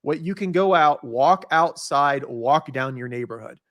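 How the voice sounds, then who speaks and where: A man's voice: on the high side, expressive, a little slow, a bit bright. Opinionated podcast co-host man. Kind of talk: casual political podcast chat.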